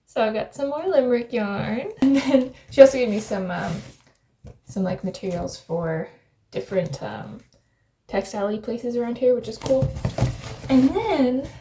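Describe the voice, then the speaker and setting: Chatty American woman with a gravelly voice. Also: a little high, very animated, unhurried, dark tone, slight background noise. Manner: chatty and rambling, laughs often. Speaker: vlogger. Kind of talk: casual vlog chat to camera. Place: rented flat, indoors.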